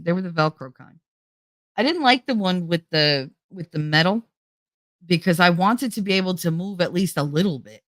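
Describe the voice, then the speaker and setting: Lively West Indian-accented woman ranting. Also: deep voice, no room sound, studio quality. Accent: West Indian, thicker when angry. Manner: animated, profane, mocks others in put-on voices. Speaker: podcast host. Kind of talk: casual storytelling rant.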